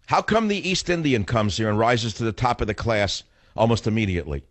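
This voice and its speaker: A male radio host talking straight to his listeners in a heated monologue. His pitch swings widely as he pushes his points, firing off rhetorical questions and repeating phrases for emphasis. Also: lively intonation, a little fast, fairly bright tone, no room sound.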